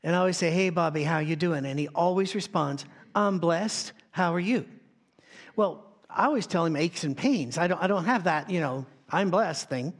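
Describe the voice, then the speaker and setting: Slightly high-voiced male pastor preaching. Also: brisk. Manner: conversational storytelling with frequent restarts. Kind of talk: sermon. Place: church sound stage.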